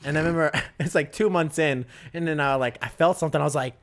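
A man in casual chat, telling crude stories in a lively, laughing way and swearing freely. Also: a little high, fast. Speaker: former recruit telling stories.

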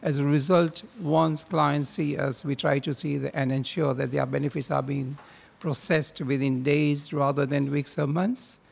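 A man who advises cancer patients on benefits, explaining in a formal, measured way. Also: on the high side, steady tone, gravelly. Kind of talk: panel discussion.

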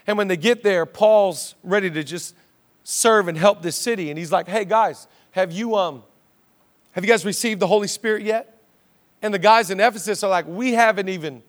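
Male pastor, 30s, higher voice, casual sermon with quick jokey asides. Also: a bit bright. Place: large church auditorium.

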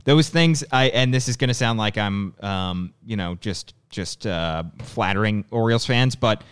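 A man's voice: on the low side, moderate pace, smooth. A man in his twenties co-hosting a sports podcast, talking in a loose, rambling way and laughing at himself. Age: 20s. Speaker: podcast co-host. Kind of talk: casual sports podcast chat.

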